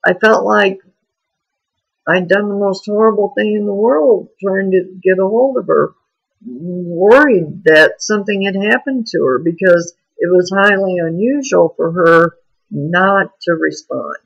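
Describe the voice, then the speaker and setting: Husky gravelly voice, slow unhurried talk, frank rambling video diary, dull lo-fi sound. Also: mid-range voice. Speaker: vlogger. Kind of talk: candid personal video diary.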